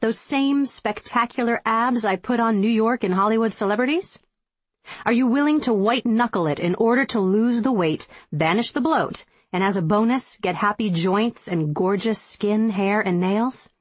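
A woman's voice: on the high side, normal speed, no echo. A woman reading her own diet book aloud as a firm, emphatic, motivational audiobook narration.

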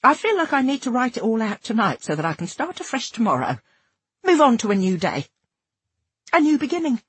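A woman reads a first-person story aloud with expressive delivery. Her voice is very husky and breathy, and her pitch moves freely up and down. The recording is dry and close. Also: a little fast, no room sound. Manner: expressive, acts out dialogue. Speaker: audiobook narrator. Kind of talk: scripted first-person narration.

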